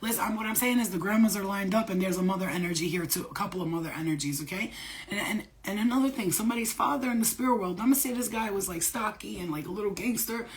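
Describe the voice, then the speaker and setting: Woman doing spirit readings, blunt and sweary, slangy, keeps repeating herself to drive it home, normal middle pitch. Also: fast talker. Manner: blunt and emphatic, swears freely, repeats phrases for stress; streetwise slang. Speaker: psychic medium giving spirit readings. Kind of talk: casual unscripted channeling talk to viewers.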